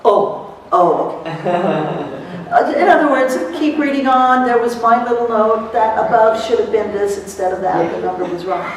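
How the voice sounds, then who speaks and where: A middle-aged woman giving a lively motivational seminar to court reporters, telling stories and acting out what people said, laughing often. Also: mid-range voice, normal speed, a little hiss or hum. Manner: animated storyteller, laughs often, acts out quotes. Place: seminar hall. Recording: echoey hall, recorded from far off.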